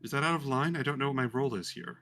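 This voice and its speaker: A man's voice: medium pitch, very animated, racing, fairly bright tone, faint music behind, pitched above the performer's own voice. A man voicing an anxious, apologetic companion who is unsure of his role. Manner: hesitant, apologetic.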